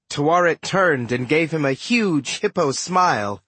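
A man narrates a first-person adventure story with lively swings in pitch. His voice is slightly breathy and a bit high for a man. The studio sound is close and dry. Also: a little slow, dry recording. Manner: animated, expressive storytelling. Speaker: audiobook narrator.

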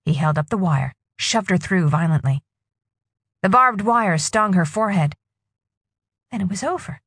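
A woman narrating a novel in a husky voice with expressive storytelling. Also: on the low side, normal speed, no echo. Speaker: audiobook narrator. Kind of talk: scripted narration.

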